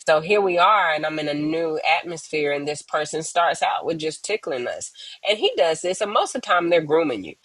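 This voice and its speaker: A woman tells her own hard story as a guest on a remote call, earnest and slow, often pausing and acting out the voices of others. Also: deep voice, lively intonation, fairly bright tone, dry recording, poor audio. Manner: earnest, pauses often, acts out quoted voices. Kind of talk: emotional personal testimony, slow and reflective.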